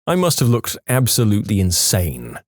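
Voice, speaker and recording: A man reading storytime posts aloud in a scripted narration, lively and expressive. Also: lowish voice, moderate pace, no echo, studio quality.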